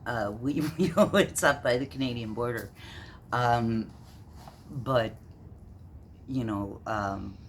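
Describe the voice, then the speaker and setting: Slow, rambling, profane woman ranting. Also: rumbling low, a little hiss or hum. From Minnesota. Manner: rambling, profane, halting with many fillers. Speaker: vlogger. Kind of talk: ranting monologue.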